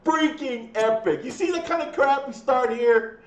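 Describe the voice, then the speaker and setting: A man co-hosting a live-stream chat, animated and jokey and often laughing. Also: extremely high pitch, normal speed, slight background noise. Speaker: co-host. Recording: echoey room.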